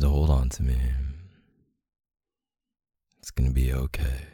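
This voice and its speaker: A man speaking softly and closely in an intimate audio role-play, murmuring like a partner. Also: a bass voice, flat delivery, slow pace, pauses often, slightly rough, dry recording, studio quality.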